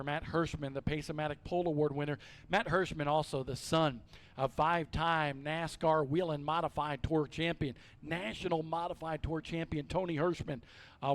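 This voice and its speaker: A man from the North Carolina mountains, chatty and folksy as he announces a stock car race. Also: fairly high pitch. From western North Carolina. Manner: chatty, folksy, joking with his co-host. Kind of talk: live racing commentary.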